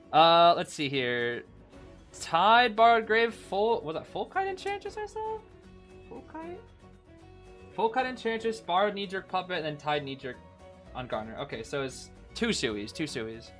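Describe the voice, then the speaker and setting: Excitable male streamer, lively pitch. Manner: excitable, keeps saying "bro", laughs often. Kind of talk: casual live-stream esports co-commentary.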